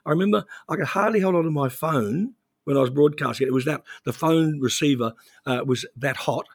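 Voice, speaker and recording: Older male guest, gravelly and husky, anecdotal interview talk. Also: on the high side, a little fast, no room sound, clean studio sound. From New Zealand. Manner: anecdotal, rambling with restarts. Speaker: interview guest, former journalist. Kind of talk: conversational interview.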